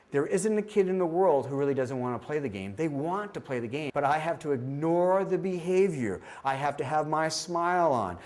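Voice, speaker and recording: A middle-aged man giving a training talk on screening children's hearing, telling stories and acting out the children and the test beeps. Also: a little high. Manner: animated storyteller, acts out child voices and beeps. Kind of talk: training presentation with demonstrations.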